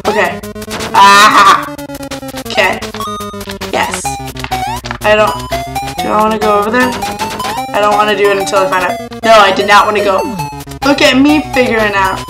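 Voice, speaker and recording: A woman's voice: mid-range voice, fairly even intonation, normal speed, long pauses, poor audio. A young woman commenting on a platform game as she plays, yelping, laughing and swearing at it. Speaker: gaming video host. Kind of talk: let's play commentary. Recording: game music in background.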